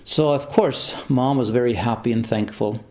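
A priest delivers a homily, telling a long story unhurriedly with pauses and small restarts before moving on to scripture. His voice is mid-range and a little mellow.

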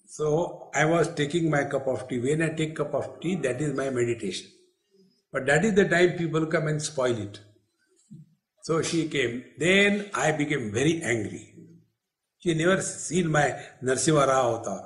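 A man's voice: on the high side, animated, normal speed, echoey room. A man giving a spiritual retreat discourse with humorous storytelling and acted-out quotes. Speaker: spiritual teacher. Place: retreat hall.

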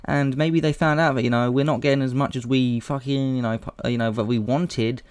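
A man's voice: mid-range voice, fairly even intonation, a little fast, darkish tone, no room sound. A young man hosting a reaction video, rambling crudely and saying dude all the time. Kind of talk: casual reaction commentary.

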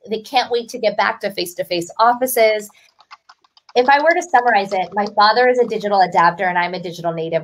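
A woman author as a podcast guest, explaining ideas in an articulate, upbeat way and telling stories. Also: medium pitch. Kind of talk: podcast interview.

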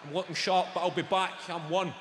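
A Scottish man in his thirties doing a stand-up comedy set, sweary and animated as he banters with the crowd. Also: high voice, a little fast, slight background noise. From Scotland. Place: large theatre stage. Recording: live theatre mic, long hall reverb. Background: audience ambience.

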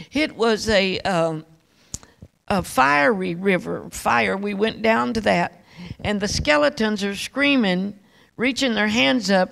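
A woman's voice: mid-range voice, vocal fry. A woman preacher telling a testimony sermon in an emphatic, repetitive storytelling manner, addressing the congregation directly.

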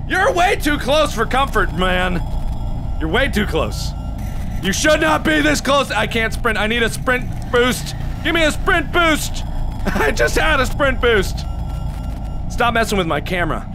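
A man giving excitable let's-play commentary, taunting the game and breaking into shouts and mock-dramatic rants. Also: sits high, a little slow, long pauses, over music. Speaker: gaming commentator. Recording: clear background noise.

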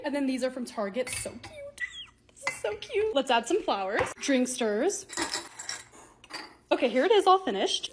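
A young woman in a casual unboxing vlog, talking in a gushing, excited way in her living room. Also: high-pitched, a little hiss or hum. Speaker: lifestyle content creator.

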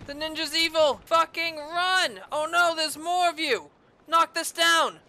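A woman giving casual gameplay commentary as a let's play host, loud and exclamatory, swearing heavily. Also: very high-pitched, unhurried, slight background noise.

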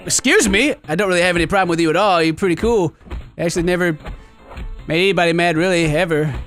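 A man giving gameplay commentary in a giggly, excitable, mock-dramatic way. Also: high voice, fast talker, faint music behind. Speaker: gaming YouTuber.

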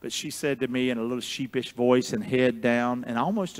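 A man preaching a sermon as pastor, with call-and-response, booming shouts and hushed asides. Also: steady tone, moderate pace, hardly any pauses, slight background noise. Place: church sanctuary.

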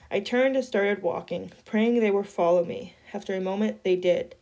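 A woman reading a novel chapter aloud in a steady storytelling voice. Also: mid-range voice, normal speed, hardly any pauses. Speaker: reader.

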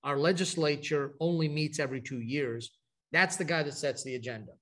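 At an advocacy training event, a middle-aged man from Texas gives a loose, story-driven talk to a group, often going off on asides and starting sentences over. His voice sits on the high side, with a fairly bright tone and a fairly quick pace.

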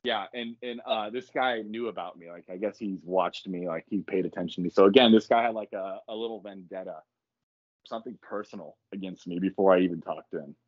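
A man on a podcast, telling a story casually and profanely, with lively acted quotes. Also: sits low, brisk, dry recording, muffled recording. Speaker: podcast guest.

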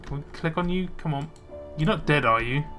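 Bright-voiced man narrating gameplay. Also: a little high, fairly quick, soft background music. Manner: chatty, muttering to himself while playing. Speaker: let's play gamer. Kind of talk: casual gameplay commentary.

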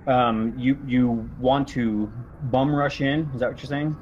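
A man's voice: medium pitch, slight background noise. Man running a tabletop game, dull audio. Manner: relaxed, halting narration with fillers. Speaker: game master. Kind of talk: narrating a tabletop horror game. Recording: slightly dull lo-fi recording.

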